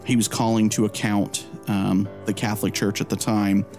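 Low-voiced chatty male podcast co-host. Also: little pitch movement, normal speed, darkish tone, faint music behind. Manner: loose and chatty, many "um" and "like" fillers, laughs easily. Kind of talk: casual chat and spoken prayer.

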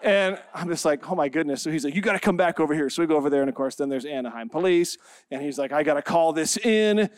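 A man's voice: fairly high pitch, fast, dry recording. A man in his forties, a pastor, opening his sermon with a funny personal story before reading scripture and praying. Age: 40s. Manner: humorous, self-deprecating storytelling, laughing often.

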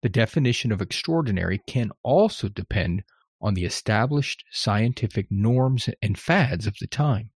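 A man's voice: lowish voice, animated, moderate pace, slightly rough, dry recording, clean studio sound. A man hosting a podcast, talking through a scripted monologue in a conversational, wry manner. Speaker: podcast host.

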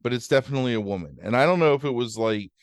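Podcast guy rambling thru a movie plot, lots of um and like, cusses a bit, clean smooth voice. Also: medium pitch, lively intonation, rapid-fire, no room sound, clean studio sound. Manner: rambling, fillers, swears freely. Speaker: podcast host recapping a movie. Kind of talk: casual chat.

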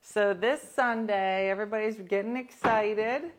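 A woman's voice: mid-range voice, measured pace, noisy background. A woman hosting a casual livestream, telling stories to her viewers in a wry, sarcastic way. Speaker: livestream host.

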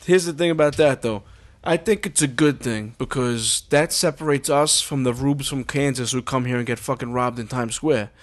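Opinionated New podcast host. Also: male voice, mid-range voice, normal speed, few pauses. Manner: opinionated, pushes questions. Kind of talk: casual chat.

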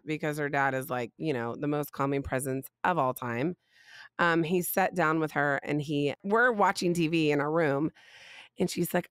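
A woman, hosting a podcast and telling a funny family story in a casual, animated way. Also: low-pitched, no room sound. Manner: animated, laughing, rising emphasis on punchlines. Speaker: podcast host.

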